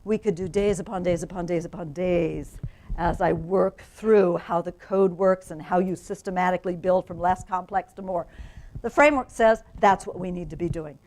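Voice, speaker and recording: A woman who teaches reading methods at a university, giving a lively professional development lecture to teachers and often checking in with the audience. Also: lowish voice, normal speed, low-quality recording. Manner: enthusiastic, asks the audience questions, frequent "right?". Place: conference room.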